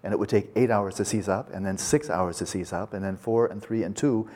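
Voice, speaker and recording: A male meditation teacher giving a dharma talk at a retreat, telling a parable in a folksy, animated way with casual asides. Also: on the low side, a little fast.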